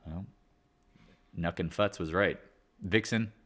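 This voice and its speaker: A man with a low, fairly bright voice speaks slowly while hosting a live market chat stream. His casual commentary rambles, wandering into tangents and loose, slangy asides.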